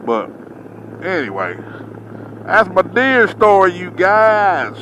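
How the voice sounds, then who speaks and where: A man's voice: high voice, sing-song, slow pace, lo-fi sound, noisy background. A man, a truck driver, telling a story in a casual, drawling way and acting out his own reactions.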